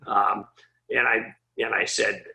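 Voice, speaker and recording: Slow and flat, with vocal fry and a sharp edge to his lowish voice, a Minnesota man who was once an assistant hockey coach tells a recruiting story as an interview guest. He wanders, keeps restarting and chuckles often, all on a low-quality recording.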